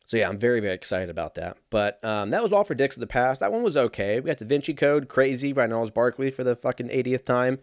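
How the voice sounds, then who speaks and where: A man in his thirties rambles through a casual solo commentary, sarcastic and heavy on swearing. His voice sits at an ordinary middle pitch and sounds dry and close, with no room around it. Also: animated, fast, few pauses, no room sound. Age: 30s. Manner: laughs at his own jokes.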